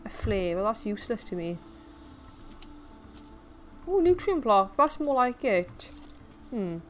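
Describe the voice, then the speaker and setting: Slow and sing-song, this young streamer's medium-pitched voice carries a little hiss or hum as she narrates her own let's play. She startles easily, squeals when frightened, and mocks herself.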